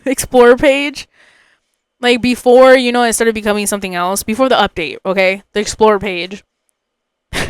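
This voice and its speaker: A woman's voice: mid-range voice, smooth, dry recording. A young woman hosting a podcast, telling a personal story in a chatty, rambling way, full of fillers and asides. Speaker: podcast host.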